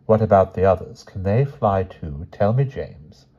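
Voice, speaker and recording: A man voicing a stern female schoolteacher who questions slowly and firmly. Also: deep voice, animated, warm tone, breathy edge, muffled recording, heavily acted. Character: stern schoolteacher woman, strict but gentle.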